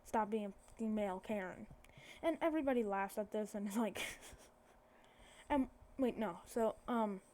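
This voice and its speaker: A woman's voice: mid-range voice, mellow. A woman casually telling a made-up fan story, rambling and correcting herself as she goes. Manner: rambling, self-correcting, many fillers.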